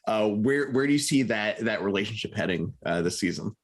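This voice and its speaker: A man's voice: lowish voice, lively intonation, a little fast. A man interviewing an actor, asking long questions with many fillers and restarts.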